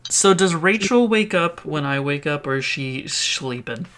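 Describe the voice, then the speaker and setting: Excitable young-sounding male player. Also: fairly high pitch, unhurried. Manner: excitable, swears, laughs often. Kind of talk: casual tabletop role-play.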